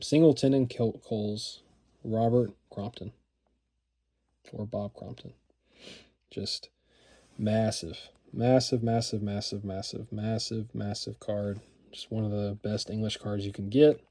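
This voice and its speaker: A man with a slightly low, mellow, relaxed voice chats casually about his collection. He rambles with frequent fillers and restarts, and repeats words when he gets excited. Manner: rambling, filler-heavy, enthusiastic. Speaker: card collector vlogger. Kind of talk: casual show-and-tell narration.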